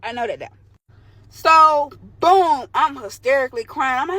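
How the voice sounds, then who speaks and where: A woman's voice: high voice, expressive, normal speed, sharp tone, dry recording. A young woman telling a candid, slangy story from her own life to the camera. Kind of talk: storytime vlog.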